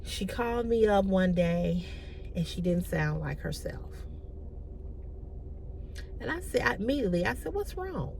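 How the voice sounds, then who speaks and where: A woman vlogger telling a personal story in an animated, emphatic way, repeating her key lines. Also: on the low side, a little slow, gravelly, pauses often, slight background noise.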